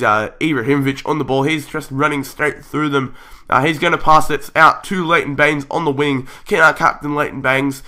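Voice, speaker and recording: Young male gaming YouTuber, higher-pitched, shouty match-style commentary, voice strained and going. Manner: shouts at goals, calls play like a match commentator. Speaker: YouTuber playing a football career mode. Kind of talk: excited gameplay commentary.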